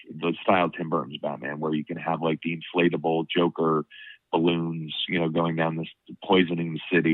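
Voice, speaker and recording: A very deep-voiced man with a stuffed-up nose rambles through casual chat, filling every pause with "you know what I mean". He sounds tinny and phone-like, close and dry with no room around him. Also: dry recording. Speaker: podcast host.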